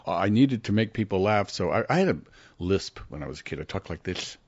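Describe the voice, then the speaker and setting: An older man with a low voice tells anecdotes as a guest in a relaxed interview, and he jumps up in pitch whenever he acts out what someone said. The sound is dry and close, a little muffled in the top end. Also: quick pace, dry recording. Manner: animated, acts out quotes with big pitch jumps. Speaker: guest actor. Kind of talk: casual interview storytelling. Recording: dry, slightly muffled studio audio.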